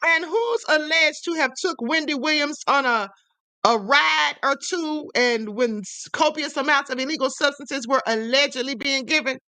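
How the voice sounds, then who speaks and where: A woman's voice: sits high, moderate pace, sharp tone, no room sound. A woman hosting a livestream, giving sassy, emphatic commentary and calling viewers honey. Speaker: livestream host.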